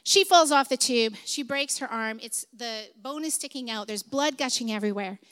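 A woman's voice: a little high, normal speed, fairly bright tone, clean tone. A middle-aged woman telling a story in a sermon, conversational, with many fillers and asides. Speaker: speaker at a church service.

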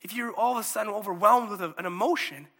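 Male preacher, fairly high bright voice, casual animated sermon, hall reverb. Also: fast. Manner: conversational, animated, checks in with "okay?" and "right?".

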